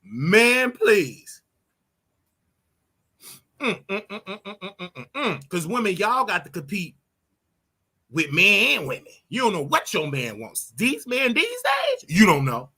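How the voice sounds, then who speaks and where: Flamboyant, animated man with a gravelly voice. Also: sits high, unhurried, pauses often. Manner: flamboyant and sing-song, sudden yelps and laughter. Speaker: online preacher commentator. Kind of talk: casual livestream rant.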